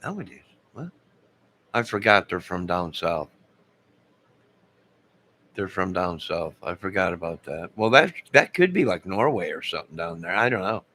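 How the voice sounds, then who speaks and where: A man's voice: low-pitched, unhurried, pauses often, sharp tone. A man in his fifties chatting live with viewers, rambling and losing his train of thought. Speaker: live streamer.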